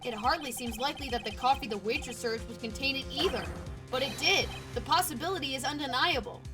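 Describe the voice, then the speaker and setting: A woman voicing a cool, smug male prosecutor, brisk and dismissive, with game music behind. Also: high voice, far from the mic, close to an everyday voice.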